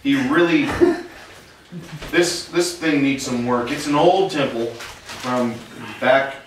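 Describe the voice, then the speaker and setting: A man's voice: medium pitch, slow pace, a little hiss or hum. Echoey, distant game master man. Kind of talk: narrating a tabletop game.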